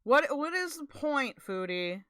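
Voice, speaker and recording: A woman's voice: high voice, sing-song, measured pace, fairly bright tone, no echo. A woman streamer adding blunt, exasperated commentary during a casual livestream.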